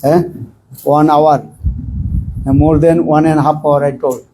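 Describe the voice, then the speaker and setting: A man giving a slow, high-voiced sermon in broken English. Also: little pitch movement, background noise. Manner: broken English, frequent questioning "eh?" to listeners; acts out short quoted exchanges with raised voice. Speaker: spiritual teacher giving a discourse. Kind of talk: informal sermon with anecdotes.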